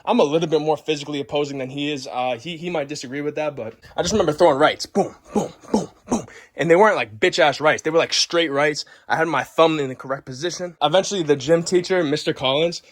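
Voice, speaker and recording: A young man who talks very fast and sits a bit higher in pitch than most men. He tells his story boisterously, swearing constantly and acting out every move. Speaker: vlogger. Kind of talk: profane comic storytelling.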